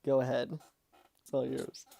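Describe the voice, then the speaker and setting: A man's voice: medium pitch, level tone, measured pace, gravelly, warm tone, no echo. A man hosting a casual podcast, laughing often and steering the talk. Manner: giggly, leads the talk. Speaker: podcast host. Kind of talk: casual chat.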